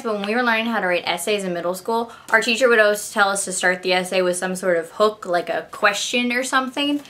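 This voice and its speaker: A young woman just out of high school talks casually to her camera in a bright, clear voice pitched a little high. She reads her old essay aloud and punctures it with dry, wry comments. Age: late teens. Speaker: vlogger. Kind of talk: casual vlog.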